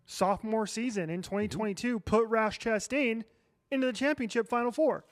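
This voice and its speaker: A man with a notably high voice co-hosts a motorsports radio show. He lays out his points analytically, in a matter-of-fact way. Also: fairly quick, dry recording, studio quality. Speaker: radio co-host. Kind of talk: casual sports radio talk.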